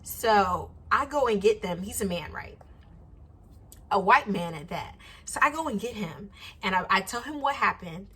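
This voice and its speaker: A young woman in her twenties chatting to camera, telling a personal story with lively quoted voices. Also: mid-range voice, normal speed, breathy edge. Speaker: YouTuber. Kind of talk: casual storytime vlog. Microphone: camera mic, sitting to camera.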